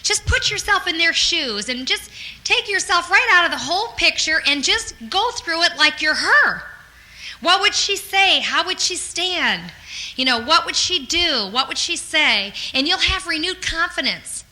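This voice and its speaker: A woman leads a motivational sales training talk, earnest and upbeat as she encourages her listeners. Her voice sits high, with a piercing, sharp brightness. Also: very animated, unhurried, poor audio.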